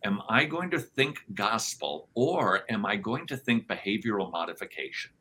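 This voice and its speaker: A man with a lowish voice and a bright, forceful edge talks as a podcast guest. He teaches with a sermon-like drive, piling up emphatic phrases and slipping into little acted-out voices when he quotes people. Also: animated, normal speed, a little hiss or hum, rough recording. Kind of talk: conversational interview, sermon-like teaching.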